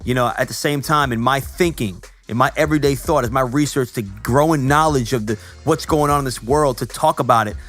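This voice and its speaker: A man's voice: mid-range voice, a little fast, hardly any pauses, soft background music. A man co-hosting a podcast, speaking earnestly and preachily about faith and distrust of the media. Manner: earnest, preachy, religious talk; animated, laughing and shouting at the close. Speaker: podcast co-host. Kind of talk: casual podcast talk.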